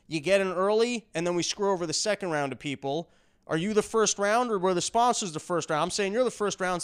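A man's voice: on the high side, smooth. A man hosting a podcast, talking in a rambling monologue full of sarcastic jokes. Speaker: podcast host.

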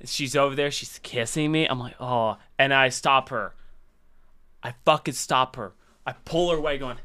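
A man's voice: mid-range voice, moderate pace, sharp tone. A young adult man hosting a podcast, telling crude stories in a rambling way with many fillers. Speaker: podcast host. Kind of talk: casual podcast chat.

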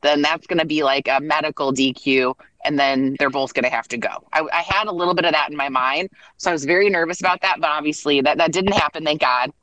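A woman chatting casually as a podcast co-host, talking in quick bursts with plenty of "like" and acting out what others said. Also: low-pitched, fairly bright tone, no echo, poor audio. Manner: chatty, lots of "like" and restarts, acts out quotes. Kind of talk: casual chat recapping a reality show.

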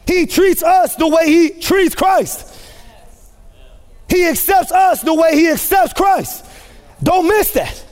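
A man with a strikingly high voice delivers a sermon to his congregation. He preaches with mounting fervor, hammering repeated phrases and climbing to shouts. A long reverb from the large church hall trails his words. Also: slow, long pauses. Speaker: pastor.

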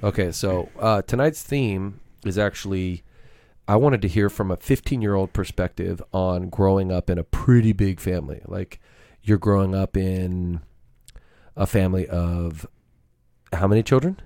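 Deep laid-back middle-aged man. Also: moderate pace, dark tone, no room sound, clean studio sound. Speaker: podcast host, father. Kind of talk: casual podcast chat.

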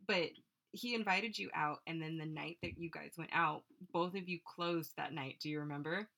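A woman's voice: sits low, moderate pace, gravelly, sharp tone. A young woman chatting casually and eagerly jumping in with details. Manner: eager, jumps in to add details. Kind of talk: casual chat.

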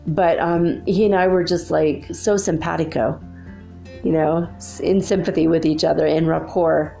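A woman's voice: sits low, fairly even intonation, moderate pace, gravelly, mellow, faint music behind. A middle-aged woman hosting a spiritual talk, telling a story in a rambling, chatty way with many fillers. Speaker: spiritual video host. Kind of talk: casual storytelling monologue.

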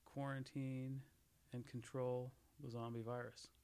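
A man's voice: mid-range voice, flat delivery, measured pace, darkish tone, smooth. A man in casual podcast chat, rambling through jokey theories with frequent laughs and restarts.

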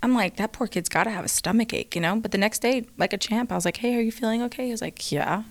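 A woman in her thirties, co-hosting a casual chat and telling animated stories about her kids. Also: a little high, quick pace. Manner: chatty storyteller, animated quoted voices. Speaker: co-host.

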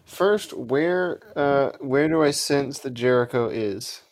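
Man, tabletop player, hesitant, halting, middle pitch. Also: animated. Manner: hesitant, many ums and restarts. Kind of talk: casual tabletop play.

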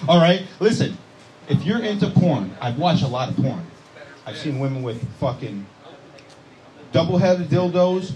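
A man with a fairly high voice does brash, profane stand-up, joking with the crowd at a comedy club with a live audience. The recording is rough, with loud crowd noise, laughter, and chatter behind him.

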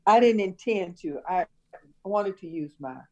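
An older woman, a retired schoolteacher from Chicago, reminiscing in a relaxed conversation and laughing often. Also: mid-range voice, measured pace, highs cut off. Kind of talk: casual conversation.

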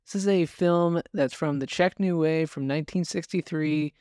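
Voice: medium pitch, normal speed, a little mellow, clear, resonant tone, no room sound, clean studio sound. A film podcast co-host chatting casually and relaxedly, using fillers like "yeah, no".

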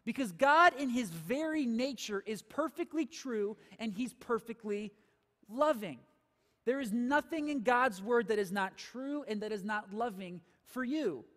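Pastor guy preaching, really high voice, big echoey church hall. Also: lively intonation, a little slow, a bit bright. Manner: emphatic preaching with rhetorical questions to the congregation. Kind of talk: sermon. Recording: long hall reverb.

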